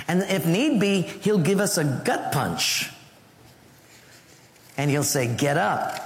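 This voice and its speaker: A man preaching a sermon, telling a personal story and acting out the voices in it, sometimes dropping to a hush. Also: a little high. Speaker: pastor. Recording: long hall reverb, faint ambience.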